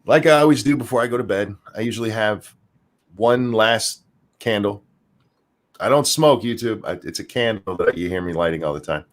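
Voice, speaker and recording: A man with a Southern US accent who co-hosts a podcast, ranting in casual chat, profane and quick to restart his sentences. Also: fairly low pitch. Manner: animated, profane, repeats words when starting sentences. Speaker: podcast co-host.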